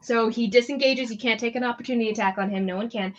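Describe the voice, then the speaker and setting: A woman's voice: on the high side, fast. A woman narrating as game master in loose, chatty talk full of fillers. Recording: slightly muffled lo-fi mic.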